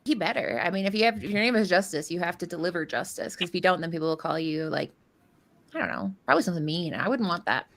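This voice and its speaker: A woman's voice: on the low side, expressive, fast talker, fairly bright tone. A woman casting a live card game tournament, chatty and jokey, rambling through player intros and stories. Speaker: caster. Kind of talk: live game commentary banter.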